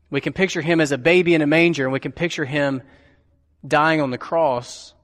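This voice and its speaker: Man preaching in a reverberant hall. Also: fairly high pitch. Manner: slow, vivid storytelling with deliberate emphasis. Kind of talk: sermon.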